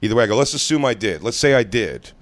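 A man casually chatting on a podcast, telling a story in an animated way, acting out dialogue and swearing freely. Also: medium pitch, fast talker, dry recording.

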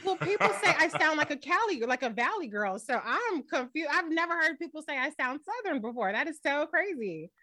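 A woman's voice: high voice, very animated, a little fast, hardly any pauses, bright, forceful tone, dry recording, studio quality. A woman from the US, raised in Los Angeles, chatting as a talk-show guest and acting out her own quoted remarks. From US, born in Boston, raised in Los Angeles. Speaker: guest commentator. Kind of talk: casual talk-show chat.

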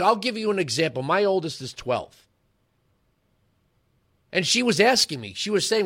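A man's voice: high voice, sing-song, fairly quick, a bit bright, breathy edge. A man in his forties hosting a political talk radio show, giving an emphatic, rhetorical monologue that moves between lecturing and storytelling.

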